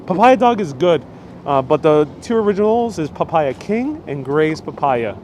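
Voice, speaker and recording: A man's voice: a little high, big pitch swings, normal speed, a little mellow, a little hiss or hum. Chatty man on a city walk. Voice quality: chatty, rambling, reads out viewer comments. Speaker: host. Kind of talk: live walking tour stream. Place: outdoors on a city street. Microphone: wireless lapel mic.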